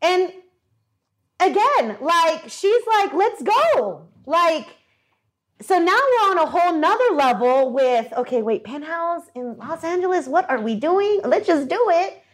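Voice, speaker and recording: A woman's voice: extremely high pitch, measured pace. A woman co-hosting a podcast, telling a story in casual chat and acting out the voices of the people in it. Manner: animated, acts out quoted voices. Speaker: podcast co-host. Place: studio with audience.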